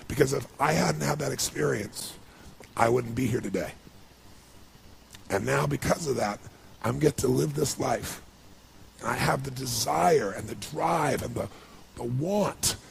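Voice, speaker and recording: Middle-aged guy giving a motivational talk, super gravelly voice, gets loud and animated telling stories. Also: medium pitch, a little hiss or hum. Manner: animated, emotional storytelling with rising bursts of intensity. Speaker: motivational speaker. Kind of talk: motivational speech with personal storytelling.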